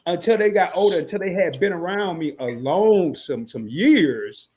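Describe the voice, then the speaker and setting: Male co-host, husky, animated, slightly high voice. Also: moderate pace. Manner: animated, jumps into a high excited voice when making a point. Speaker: podcast co-host. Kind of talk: casual podcast talk.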